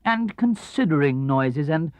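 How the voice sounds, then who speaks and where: A man reading a children's storybook aloud in an expressive, lively way, on an old studio record. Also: unhurried, no room sound. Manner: lively, expressive, drops low and soft for narration tags. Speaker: audiobook reader. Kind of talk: storybook narration. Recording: dull, dry 1970s LP studio recording.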